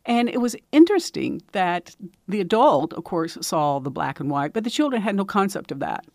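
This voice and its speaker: A woman's voice: lowish voice, big pitch swings, moderate pace, gravelly, a little mellow, no room sound. An older woman from Indiana, telling personal stories in an earnest, reflective way. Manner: earnest storytelling with quoted voices. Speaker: speaker sharing personal views.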